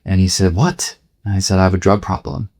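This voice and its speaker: A low, husky man in his forties tells a personal story on a podcast. He speaks frankly, swears without hesitation, and slips into quoted dialogue to play out what others said. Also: monotone, fast talker, darkish tone. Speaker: podcast guest. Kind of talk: candid storytelling.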